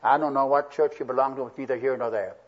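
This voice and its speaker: A man's voice: medium pitch, fairly even intonation, fast. A man preaching a sermon verse by verse, earnest and swelling with emphasis on key words. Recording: dull lo-fi old recording.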